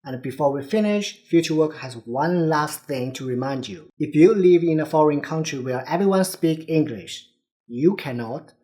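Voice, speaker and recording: A man's voice: fairly high pitch, animated, normal speed, dark tone. A man with a Chinese accent, a native Chinese speaker, giving an urgent, earnest video commentary as a vlogger. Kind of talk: direct-to-camera commentary.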